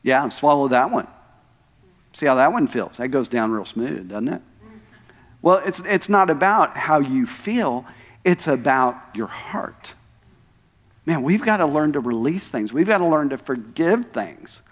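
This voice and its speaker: A man's voice: mid-range voice, lively intonation, a little slow. A male pastor preaching a sermon in a church, talking conversationally with asides to the congregation. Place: church sanctuary. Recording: echoey church hall.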